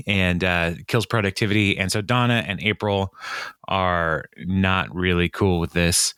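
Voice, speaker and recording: A man's voice: deep voice, steady tone, unhurried, a bit bright, clean tone, dry recording. Man animatedly recapping episodes, dry sound. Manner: retells scenes, acting out lines in a raised voice, laughs often. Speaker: podcast co-host. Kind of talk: casual recap chat.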